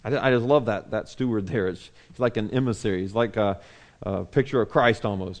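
A man preaching a sermon, acting out the people in the story with loud outbursts and then dropping to soft, hushed words. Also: fairly low pitch, brisk. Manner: animated, acts out quotes loudly then drops to soft hushed tones. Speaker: pastor.

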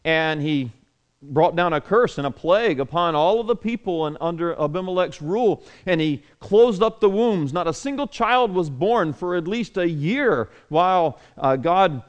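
A man leads a Bible study, reading a passage aloud and then unpacking it in a casual, conversational way. His voice sits fairly high and sounds smooth and clear, and he often poses rhetorical questions to his listeners. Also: expressive, normal speed, lo-fi sound.

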